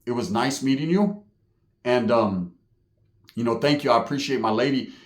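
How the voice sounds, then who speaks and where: A man voicing a calm, menacing male biker inmate in a low, quiet, matter-of-fact tone. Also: moderate pace, close to an everyday voice. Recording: echoey room.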